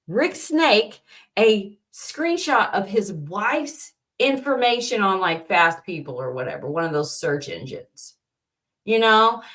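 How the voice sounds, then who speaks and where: A woman's voice: fairly high pitch, fairly bright tone. A young adult woman hosting a casual livestream, rambling and exasperated, with many restarts and fillers, greeting viewers from the chat. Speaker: livestream host.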